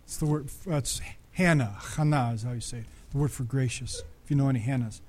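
A man's voice: medium pitch, quick pace, darkish tone. A man preaching a conversational sermon as pastor, often asking the congregation questions.

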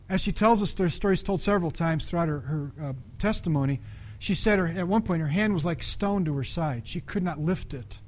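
High-pitched male pastor, conversational sermon delivery, engages congregation with questions. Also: fairly quick, hardly any pauses.

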